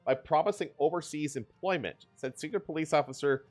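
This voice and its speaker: A man's voice: fairly high pitch, brisk, darkish tone, soft background music. A man co-hosting a podcast, reading news stories in a loose, joking way and laughing often. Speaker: podcast co-host. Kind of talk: casual news chat.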